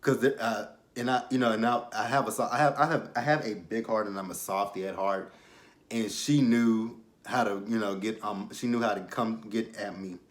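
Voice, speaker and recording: Young guy chatting about a reality show, kinda low voice, rambly and candid, drops off quiet now and then. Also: fairly even intonation, normal speed. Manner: candid, rambling, often trails off into quiet asides. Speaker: show recap vlogger. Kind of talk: casual reality TV recap.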